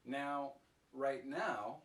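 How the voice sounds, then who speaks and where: A man teaching an English pronunciation lesson, speaking slowly and clearly with careful pronunciation. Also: mid-range voice, fairly bright tone, roomy sound, recorded from a distance.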